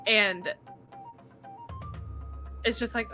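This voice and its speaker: A woman's voice: medium pitch, normal speed, sharp tone, soft background music. A woman playing a tabletop role-playing game, chatting casually and describing what her character does. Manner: self-deprecating, describes her character's actions. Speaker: player.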